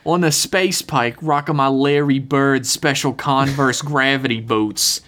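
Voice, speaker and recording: A man's voice: medium pitch, fairly even intonation, measured pace, a bit bright, close to an everyday voice. A man voicing a jokey, boisterous male sports fan in a put-on Boston accent, reading out a listener's email.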